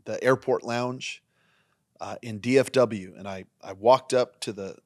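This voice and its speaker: A man, a pastor hosting a leadership podcast, teaching in a sermon style, driving points home with repetition and dropping into quieter asides. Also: medium pitch, unhurried. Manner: emphatic and repetitive, swinging between punchy lines and quiet asides.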